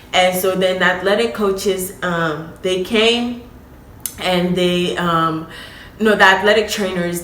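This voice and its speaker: Young woman vlogger, bright tone, echoey room, faint hum behind, casual emotional storytelling. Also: on the low side. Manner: chatty, addresses viewers as y'all, emotional.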